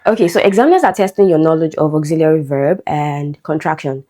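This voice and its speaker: A woman's voice: low voice, quick pace, mellow. A woman teaching an exam-prep English lesson, explaining step by step and checking in with a frequent "okay?". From Nigeria.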